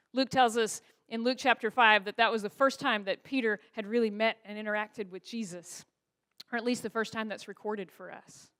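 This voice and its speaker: A woman's voice: a little high, pushed and bright, clean tone. A woman pastor preaching a sermon in a church, asking the congregation rhetorical questions. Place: church sanctuary.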